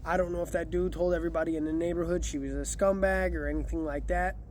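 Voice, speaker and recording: A man's voice: a little high, fairly even intonation, fast talker, a little mellow, a little hiss or hum. A man casually telling a story about delivering pizza, acting out the lines of the people in it. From Chicago area. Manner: chatty, acts out quotes.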